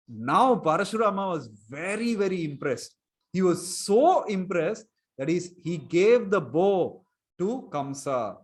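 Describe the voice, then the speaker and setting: A man telling a story to children in an online class, chuckling and quizzing them. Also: high voice. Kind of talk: storytelling lesson for kids online.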